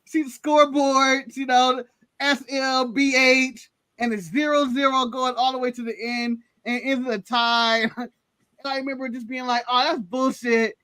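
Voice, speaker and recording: Male co-host, high voice, dry close sound, nostalgic storyteller. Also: level tone, normal speed, bright, forceful tone, clear, resonant tone, no room sound. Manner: nostalgic storyteller, acts out his own past reactions. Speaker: podcast co-host. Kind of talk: casual wrestling chat.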